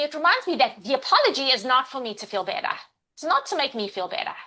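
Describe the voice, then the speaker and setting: A woman's voice: high voice, bright, forceful tone, rough recording. A woman in her forties teaching an interactive class, upbeat and encouraging, calling on participants by name.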